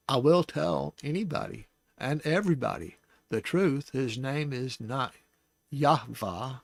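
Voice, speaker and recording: A man hosting a Bible study, teaching casually and thinking aloud, with restarts and soft laughs. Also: medium pitch, gravelly, dry recording.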